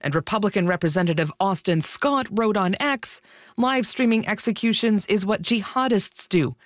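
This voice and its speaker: A woman correspondent delivering a scripted news report in a crisp, formal way. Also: mid-range voice, normal speed, dry recording, clean studio sound.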